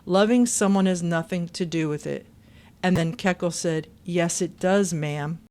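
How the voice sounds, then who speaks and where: A woman's voice: fairly low pitch, measured pace, a little mellow. Indignant woman reading with commentary. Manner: indignant, pointed; sings chorus snippets. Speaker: channel host reading forum posts.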